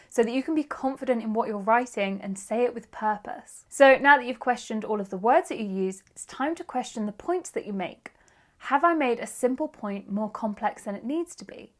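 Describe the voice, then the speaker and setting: Woman, writing tutor, lively and emphatic, slightly high voice. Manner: upbeat, emphatic teacher reading examples aloud. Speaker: writing instructor. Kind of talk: online writing lesson.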